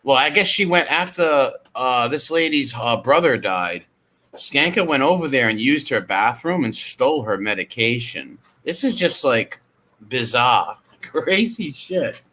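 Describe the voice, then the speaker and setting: A man streaming, commenting on footage in a casual, excitable way and swearing freely. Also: medium pitch, unhurried, slight background noise.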